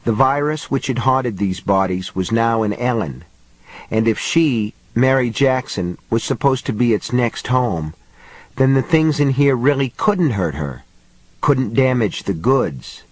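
A man narrating a horror audiobook in a measured, even storytelling voice. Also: medium pitch, no echo, low-quality recording.

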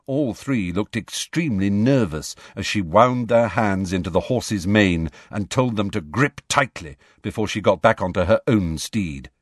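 A man narrating a fantasy novel chapter with an expressive, dramatic reading. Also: on the low side, a little slow, hardly any pauses, no room sound, clean studio sound. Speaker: audiobook narrator. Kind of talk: scripted storybook narration.

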